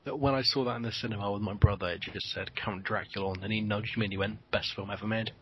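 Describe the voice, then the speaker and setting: A man's voice: fairly low pitch, steady tone, quick pace, a little hiss or hum. A man chatting casually as a podcast guest, enthusiastic and swearing freely. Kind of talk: casual chat. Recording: dull lo-fi podcast audio.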